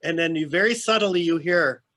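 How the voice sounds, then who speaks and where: A man's voice: fairly high pitch, moderate pace, a bit bright. A man hosting a casual panel talk, retelling stories and prompting his guest. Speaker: host.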